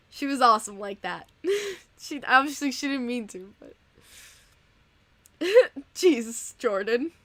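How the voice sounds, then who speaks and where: Young female streamer host, high voice, dry close sound, chatty, emotional, laughs a lot. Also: slow pace, pauses often, pushed and bright, no echo. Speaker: podcast host reading donations. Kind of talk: casual live-stream chat.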